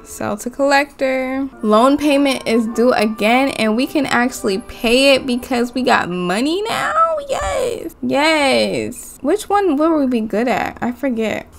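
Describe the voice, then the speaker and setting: A woman's voice: high voice, big pitch swings, measured pace, creaky, few pauses, faint music behind. A young woman giving casual, chatty commentary while playing a life-sim game and talking to her characters and viewers. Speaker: gaming YouTuber.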